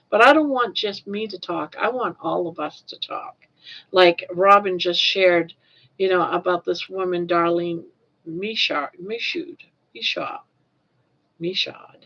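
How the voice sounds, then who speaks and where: A woman's voice: medium pitch, a bit bright. An older woman from Maine hosting a casual livestream chat, rambling along and repeating words as she goes. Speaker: livestream host. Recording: dull lo-fi livestream audio.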